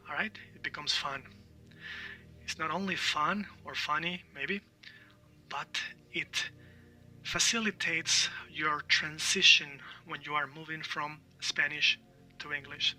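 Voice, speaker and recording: A man's voice: a little high, steady tone, slow, pushed and bright, far from the mic, soft background music, poor audio. A man teaching a Spanish pronunciation lesson, repeating letter sounds and checking in with "all right?". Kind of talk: language lesson.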